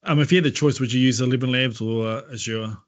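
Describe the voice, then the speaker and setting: A man's voice: medium pitch, steady tone, fast. Man, co-host, casual talk, hesitant, repeats words, lots of ums. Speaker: webinar co-host. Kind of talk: casual conversation.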